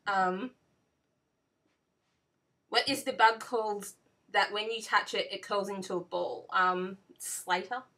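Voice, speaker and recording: A woman in her twenties with an Australian accent, talking slowly and haltingly with many ums while recording herself at home on a computer. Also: medium pitch, fairly even intonation, sharp tone, recorded from a distance. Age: 20s. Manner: slow and halting, with frequent ums. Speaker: vlogger. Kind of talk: casual monologue reading a word list. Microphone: built-in computer mic.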